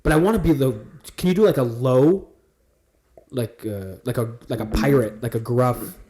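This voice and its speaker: A man's voice: mid-range voice, normal speed, mellow. A man hosting a casual comedy podcast, joking around and trying out silly put-on accents. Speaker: podcast host.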